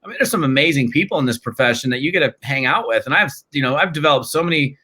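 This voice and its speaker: A man in his fifties, a network marketing trainer talking as an interview guest, telling stories in an energetic, casual, slangy way with frequent restarts. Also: mid-range voice, very fast, husky. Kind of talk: conversational interview storytelling.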